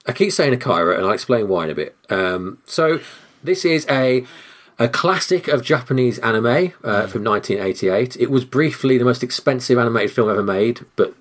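A man hosting a podcast in casual chat, jokey and quick to laugh. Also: medium pitch. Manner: lively, jokey, laughs easily. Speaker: podcast host.

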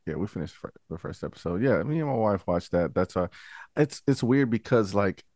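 A man co-hosting a podcast, chatting in an animated, jokey way. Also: lowish voice, brisk, no room sound, clean studio sound. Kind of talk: casual chat.

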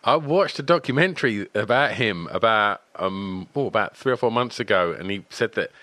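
A man with a bright, forceful voice hosts a casual interview, chatting in a relaxed way. The recording is dry and close, with no room sound. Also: fairly low pitch, moderate pace, no room sound. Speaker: interviewer host.

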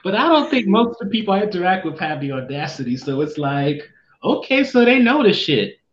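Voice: mid-range voice, very animated, brisk. A guest in casual podcast chat, talking bluntly and wryly with plenty of swearing. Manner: blunt, profane, wry. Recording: echoey muffled room with faint noise.

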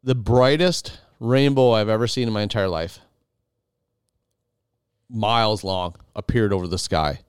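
A man's voice: lowish voice, a little slow, pauses often, smooth, dry recording, clean studio sound. A man hosting, animatedly retelling a dramatic story to his wife with many restarts. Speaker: podcast host.

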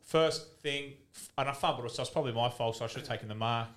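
A man's voice: mid-range voice, fast, fairly bright tone. Rambling Australian man telling stories. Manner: candid, rambling, swears, laughs often. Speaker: retired footballer guest. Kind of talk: casual podcast storytelling.

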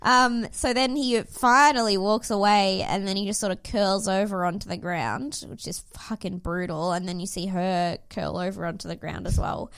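Her voice is medium-pitched, clear and resonant, moving at a moderate pace with few pauses. She co-hosts a laid-back podcast about a reality dating show, staying animated, laughing a lot and cursing without restraint. There's no echo.

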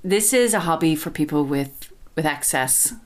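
A woman's voice: sits low, lively intonation, normal speed. A woman who works in the wine business, co-hosting a podcast in a thoughtful, hesitant way with many restarts. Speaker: wine expert co-host. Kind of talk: casual chat.

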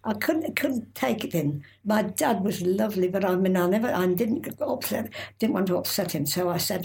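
Gravelly-voiced older woman, halting. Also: mid-range voice, a little mellow. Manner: halting, with many restarts and pauses. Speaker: interviewee. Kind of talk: oral history recollection.

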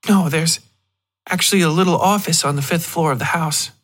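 A man's voice: on the high side, fairly quick, a bit bright, pitched above the performer's own voice. A man voicing an eager young woman writer, upbeat and a little apologetic, in a storytelling podcast.

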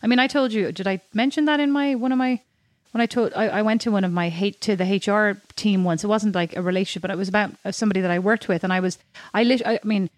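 A woman co-hosting a podcast, chatting in an animated way with many restarts. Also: mid-range voice, fast talker, few pauses, no room sound. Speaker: podcast co-host. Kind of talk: casual chat.

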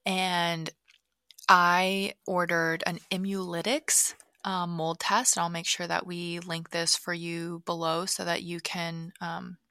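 A bright, forceful-sounding woman in her thirties talks casually on her podcast, full of "um" and "like", sometimes dropping to a hush as she acts out her own thoughts. Her voice sits a little low and comes across dry and close, with no room sound. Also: flat delivery, takes it slowly, no echo. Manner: chatty, many fillers, acts out her own thoughts in hushed asides. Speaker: podcast host. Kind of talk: casual solo podcast storytelling. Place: home basement office.

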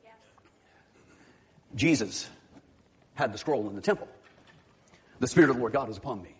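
A man's voice: mid-range voice, expressive, moderate pace, husky. A middle-aged man, a pastor, preaching a sermon in a church, moving from a conversational story into fervent exhortation.

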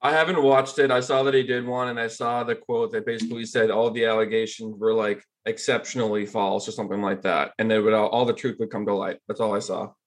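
A man co-hosts a podcast and answers questions calmly and plainly. His voice is low and stays flat, with little rise and fall. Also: brisk, few pauses. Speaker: podcast co-host.

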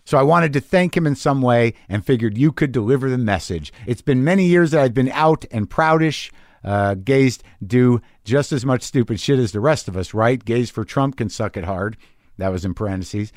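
A middle-aged man hosts a podcast in a loose, rambling monologue, swearing freely and circling back on himself. His voice sits at an ordinary male pitch. The sound is close and dry, with no room around it. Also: a little mellow, no room sound. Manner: loose, profane, rambling with restarts. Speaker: podcast host. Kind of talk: casual monologue reading listener emails.

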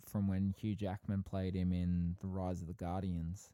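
Male co-host, argumentative and teasing in loose banter; warm, dark tone. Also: sits low, little pitch movement, normal speed, clean tone, no room sound. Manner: argumentative, teasing, gets emphatic. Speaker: podcast co-host. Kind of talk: casual banter.

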